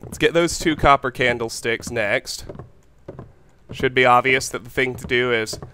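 A man giving gameplay commentary in a calm, methodical voice of ordinary pitch, laying out each step of his plan out loud as he goes. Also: a little slow, slight background noise. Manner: calm, methodical, planning aloud. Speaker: let's play host.

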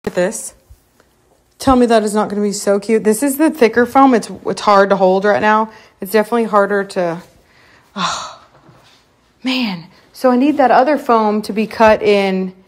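A woman chatting excitedly in a casual vlog, gushing and upbeat, filmed on a phone indoors and outdoors. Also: medium pitch, normal speed, no room sound, poor audio. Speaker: vlogger.

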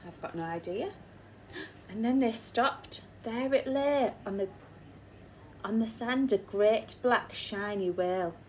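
A woman's voice: medium pitch, slow, slight background noise, low-quality recording. English woman teacher reading aloud. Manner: asks the listening children questions. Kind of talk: storybook read-aloud.

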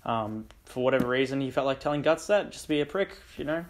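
Talking fast with a medium pitch and lively intonation, the young host of a book channel gives a casual, meandering recap of a story, sprinkling in plenty of ums and likes.

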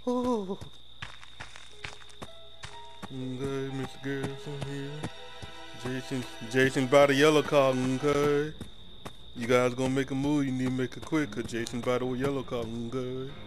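Guy gaming, panicky n cussing n joking, game music loud in the back. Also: mid-range voice, normal speed. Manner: excitable, panicky, joking, profane. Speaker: gamer. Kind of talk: live gameplay chat with teammates.

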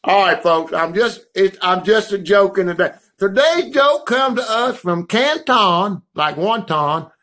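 A folksy hobo comic, voiced by a man, speaks with a high voice. He rambles and shouts asides to his audience in a loud, hammy comedy style. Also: animated, measured pace, hardly any pauses, exaggerated voice. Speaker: comedy show host. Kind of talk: hammy joke-of-the-day comedy bit.

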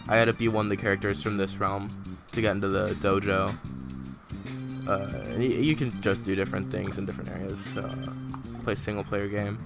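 A man doing casual let's-play commentary, excitable and trash-talking, swearing at the game as he plays. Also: on the low side. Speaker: gameplay commentator.

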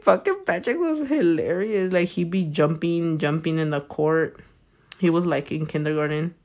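A woman's voice: sits low, a little mellow. A woman chatting casually in a nail salon, blunt and swearing freely as she talks about her kid. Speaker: parent. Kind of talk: casual chat.

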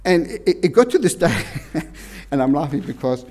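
Aussie guy giving a chatty sermon, a bit high, mellow tone, keeps restarting. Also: sing-song, normal speed. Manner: informal, rambling, restarts often. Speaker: preacher. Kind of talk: conversational sermon.

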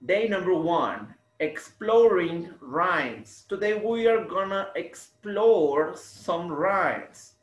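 A man leads an English lesson for children, drawing each word out so students can repeat after him. His voice sits a little high and moves at an unhurried pace. The recording sounds roomy, with a clear echo. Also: animated, dull audio. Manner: slow, drawn-out, repeats words for students. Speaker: English teacher. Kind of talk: slow bilingual classroom lesson. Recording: echoey room.

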